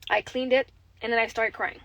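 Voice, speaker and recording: A woman's voice: fairly high pitch, steady tone, brisk, gravelly, fairly bright tone, dry recording, rough recording. A young adult woman with a Québécois French accent, chatting candidly on a phone livestream, rambling and swearing freely. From Quebec, Canada. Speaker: livestreaming mother. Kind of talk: casual livestream chat.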